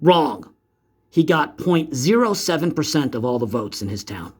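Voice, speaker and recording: A man's voice: on the high side, sing-song, normal speed, slightly rough. A man giving casual commentary on videos in a sarcastic, mocking, profane manner. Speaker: YouTube commentator.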